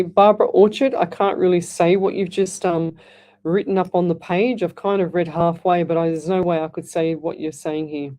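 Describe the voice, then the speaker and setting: A woman's voice: on the low side, mellow. A middle-aged woman hosting live radio psychic readings, chatting in a rambling way with frequent restarts. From Australia. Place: radio studio.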